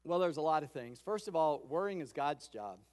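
A pastor giving a sermon in a conversational storytelling way, acting out quoted lines. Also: male voice, on the high side, animated, fairly quick, a little mellow. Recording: long hall reverb.

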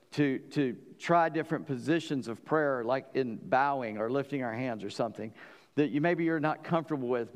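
A man's voice: mid-range voice, in a large hall. A man preaching a sermon as pastor. He talks earnestly, often stumbles and restarts, and builds to emphatic peaks.

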